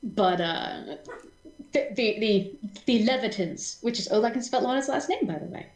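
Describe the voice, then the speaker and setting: A woman narrating as game master of a tabletop role-playing session, animated, laughing often and stumbling over restarts. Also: a little high, moderate pace, echoey room, rough recording.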